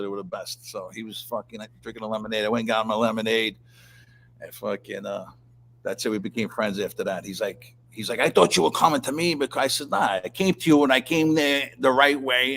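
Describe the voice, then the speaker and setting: A man telling a long, rambling story in casual chat, swearing constantly and clearing his throat often. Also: medium pitch. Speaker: interview guest.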